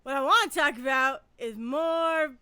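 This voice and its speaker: A woman's voice: high-pitched, a little slow, sharp tone, dry recording. A woman co-hosting a podcast, telling a long story in casual chat, rambling with restarts and frequent swearing. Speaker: podcast co-host.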